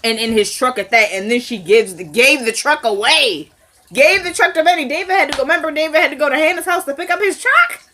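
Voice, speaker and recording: Animated woman with a higher voice. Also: fast talker, a little hiss or hum. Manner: animated, laughing often, acting out scenes in quoted voices. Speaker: TV episode recap vlogger. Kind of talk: casual chat.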